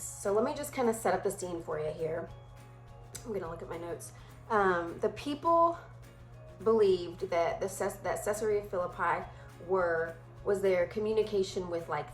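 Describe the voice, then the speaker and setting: A woman leading a casual Bible study, talking in a chatty, animated way and briefly acting out playful voices. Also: mid-range voice, echoey room, rough recording.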